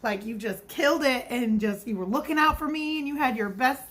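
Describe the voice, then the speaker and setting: A woman's voice: high voice, brisk, fairly bright tone, voice pushed up. A woman putting on the voice of a grateful customer who thanks her effusively. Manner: effusive, gushing.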